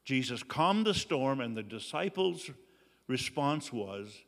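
A man preaching a sermon, earnest and slow, with dramatic pauses. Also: mid-range voice, very animated, a bit bright, long reverb tail. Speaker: pastor.

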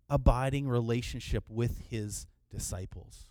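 A middle-aged man preaching a sermon in a relaxed, conversational way, often restarting his phrases. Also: mid-range voice, moderate pace, dry recording. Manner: conversational, repeats words when restarting. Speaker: pastor.

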